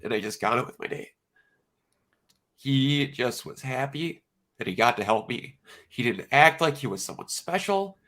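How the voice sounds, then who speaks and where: A man co-hosting a podcast, telling a personal story in casual chat with emotional, animated storytelling. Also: mid-range voice, normal speed. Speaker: podcast co-host.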